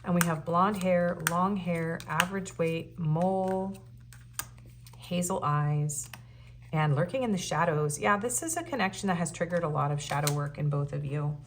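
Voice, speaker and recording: A woman's voice: fairly low pitch, moderate pace, a little hiss or hum. A woman doing a casual pick-a-card tarot reading, musing as she reads out card messages with frequent ums. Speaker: tarot reader.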